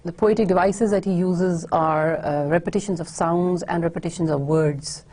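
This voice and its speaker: A woman teacher giving a measured lecture explaining a poem, often pausing and restarting. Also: on the low side, fairly even intonation, dark tone. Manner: measured, with frequent hesitations and restarts.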